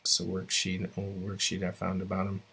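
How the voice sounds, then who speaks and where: A man with a fairly low voice leads an online language lesson through his computer mic. He talks in a loose, unhurried way, full of fillers and restarts as he shares his screen. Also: creaky, husky. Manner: relaxed, many fillers and restarts. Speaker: language teacher. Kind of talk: online class lecture.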